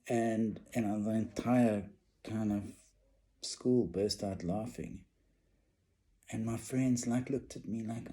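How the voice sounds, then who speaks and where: Middle-aged man, casual storyteller, rambling with restarts, very dark mellow tone. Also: on the low side, steady tone, slow. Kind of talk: personal storytelling.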